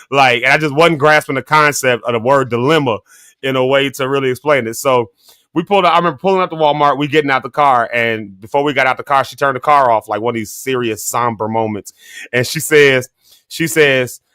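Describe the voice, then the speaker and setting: A man in his thirties hosts a morning talk show and tells family stories with a bright, forceful voice. He laughs often as he talks, and his voice sounds close and dry. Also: mid-range voice, clear, resonant tone, no echo. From Illinois, United States. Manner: animated, laughs often while telling stories. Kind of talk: casual storytelling chat.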